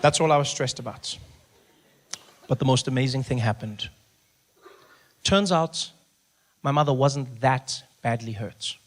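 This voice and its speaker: A man performing stand-up comedy, telling a story in an animated, exasperated way. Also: mid-range voice, unhurried, long pauses, some chatter behind, slight background noise.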